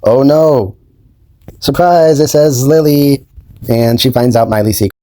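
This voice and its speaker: A man's voice: medium pitch, measured pace, dark tone, no room sound. A young adult man hosting his own channel, recapping a show in a casual way, hesitant and full of ums and you-knows. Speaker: YouTube host.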